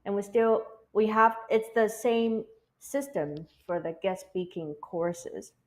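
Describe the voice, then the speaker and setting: A woman who makes language courses, explaining them on a live online talk in a careful way, with pauses between phrases. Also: medium pitch, darkish tone, rough recording. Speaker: course creator. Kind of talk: explaining on a livestream.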